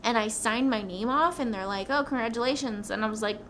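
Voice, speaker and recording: A young woman telling her personal story in a casual vlog, rambling and excitable, with many "like"s. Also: on the high side, fairly quick, slight background noise. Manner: rambling, excitable, says "like" often. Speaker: new nurse vlogger.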